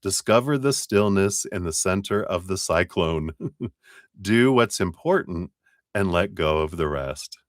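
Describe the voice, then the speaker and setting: A man's voice: low-pitched, lively intonation, a little slow, dry recording, studio quality. A man giving a casual live tarot reading, chatting, storytelling and laughing often. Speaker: tarot reader on a live stream.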